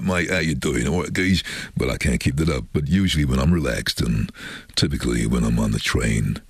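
Very deep husky-voiced man. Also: dry recording. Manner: animated, acts out quoted voices. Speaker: voice-over artist. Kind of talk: casual interview storytelling.

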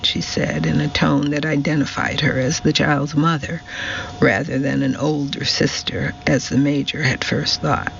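A man narrating a novel in an unhurried, even reading voice. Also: fairly high pitch, creaky. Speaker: audiobook narrator. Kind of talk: scripted narration. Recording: dull recording with faint hiss.

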